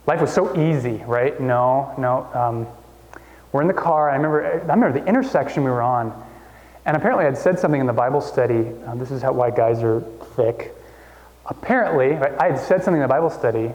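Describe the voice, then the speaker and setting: Man preaching in a reverberant church. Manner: conversational, animated storytelling with sudden pitch jumps. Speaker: pastor. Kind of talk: sermon. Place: church hall. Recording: long hall reverb.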